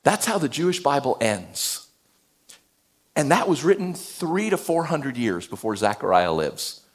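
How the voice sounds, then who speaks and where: A male pastor giving a sermon, animated, swinging between loud emphasis and hushed tones. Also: mid-range voice, unhurried.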